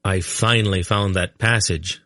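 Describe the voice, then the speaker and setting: A man's voice: deep voice, steady tone, a little slow, bright, forceful tone, dry recording, studio quality. A man voicing an earnest young man who urgently pleads with his grandfather in an audiobook. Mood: pleading. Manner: urgent, raises voice when calling.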